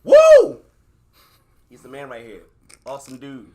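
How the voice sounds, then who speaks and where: A man's voice: medium pitch, quick pace. A man co-hosting a casual podcast, laughing and acting out the people in his stories. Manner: laughing, animated storyteller acting out quotes. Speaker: podcast co-host. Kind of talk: casual chat.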